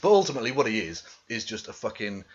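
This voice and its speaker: A man's voice: fairly low pitch, sing-song, quick pace, muffled recording. A man delivering a profane, scornful commentary rant as a video host. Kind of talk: ranting commentary monologue.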